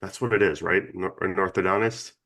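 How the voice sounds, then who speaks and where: A man opens a relaxed podcast conversation in a somewhat low voice. His words come slightly blurred by a dental retainer, and he leans on ums and easy pauses as he talks. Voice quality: slight retainer-affected speech. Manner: relaxed, filler-heavy, easygoing. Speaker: podcast co-host. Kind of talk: casual podcast chat.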